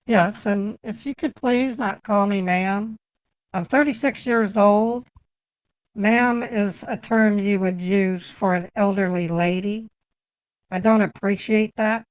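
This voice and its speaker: A man's voice: high voice, fairly even intonation, slow, clean tone, no room sound. A man putting on the voice of a fussy, prim woman in her thirties for a prank phone call, chatty and nitpicking with mock flirting. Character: fussy, prim 36-year-old woman customer. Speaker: scambaiter.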